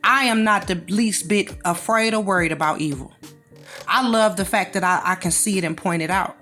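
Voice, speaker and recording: A woman host preaches and scolds in a casual commentary monologue, drawling in with dismissive asides. Her voice sits at a middle pitch. Faint music plays behind her. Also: normal speed, bright, forceful tone.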